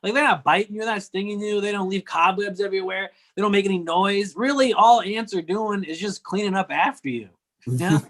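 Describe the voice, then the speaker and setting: A man's voice: high voice, fairly quick, a bit bright. A man doing a stand-up set over a video call, wry and rambling with offhand observational jokes. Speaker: stand-up comedian.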